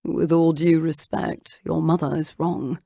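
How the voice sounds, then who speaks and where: A teasing young aristocrat speaks low and close in a murmuring, slightly husky tone, as a woman narrator plays him. His voice is dark and a little gravelly, recorded dry with no room sound. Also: level tone, a little slow, dry recording, full character voice. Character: charming young nobleman, teasing lover. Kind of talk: audiobook character voicing.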